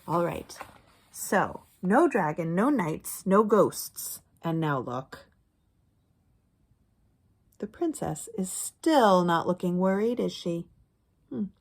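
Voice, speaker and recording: Slow, lively woman reading to kids. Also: medium pitch. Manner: teacherly, explains words and letter sounds; hushed shushing between lines. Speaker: children's story reader. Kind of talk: reading a picture book aloud to children.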